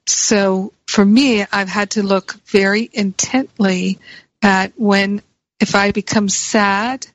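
A woman's voice: medium pitch, no echo. A woman giving a reflective spiritual teaching talk, repeating key phrases for emphasis. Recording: dry, slightly muffled recording.

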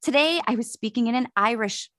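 A woman's voice: on the high side, brisk, fairly bright tone, no echo, studio quality. A woman in her thirties from the United States, co-hosting a podcast in casual chat, telling stories and laughing often. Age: 30s. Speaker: podcast co-host.

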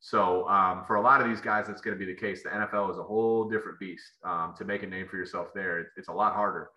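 A man with a low-set, very bright and sharp voice tells stories about his playing days as a podcast guest. He rambles and restarts his sentences, padding them with fillers. The room around him rings with echo. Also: steady tone, fast talker. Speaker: podcast guest, former football player. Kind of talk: casual storytelling interview. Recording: echoey room.

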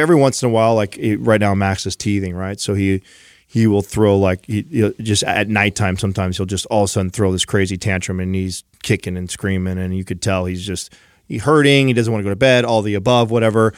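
A man in his thirties talks in a loose, meandering way, leaning on fillers as he tells a story. His voice sits on the low side. The sound is dry and close, with no room around it. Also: brisk, clean tone, dry recording. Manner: relaxed, rambling storyteller with many fillers. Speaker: podcast co-host. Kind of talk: casual chat.

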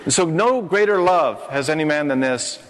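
Older male preacher, impassioned stage sermon, slightly high voice, reverberant hall sound. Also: animated, moderate pace. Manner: impassioned preaching with rising emphatic phrases. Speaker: pastor.

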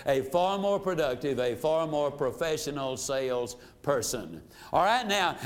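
A man with a high-pitched voice lectures on selling with an emphatic, urging delivery. He repeats phrases for emphasis and drives his points home, like a seasoned seminar speaker. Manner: emphatic, exhortative. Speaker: sales trainer. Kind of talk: recorded sales seminar talk.

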